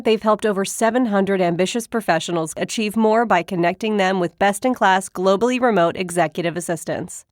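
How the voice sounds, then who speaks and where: A woman's voice: medium pitch, dry recording, studio quality. A woman announcer reading a scripted ad in a polished, persuasive way. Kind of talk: scripted ad read.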